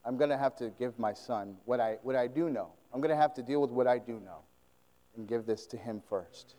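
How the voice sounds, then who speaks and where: A man's voice: medium pitch, brisk, in a large hall, rough recording. A man preaching a sermon, retelling a story with lots of laughter and acted-out voices. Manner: animated, laughing often, acting out scenes.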